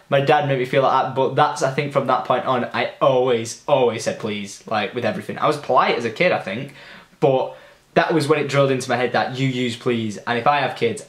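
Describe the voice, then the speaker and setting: Chatty lad, echoey room. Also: male voice, mid-range voice. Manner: chatty, loose, swears freely, many fillers. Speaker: gaming vlogger. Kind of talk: casual storytelling.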